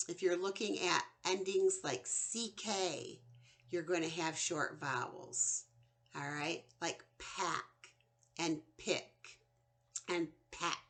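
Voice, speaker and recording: A woman teaching a children's phonics lesson, sounding out vowels slowly and with exaggeration. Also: on the low side, sharp tone.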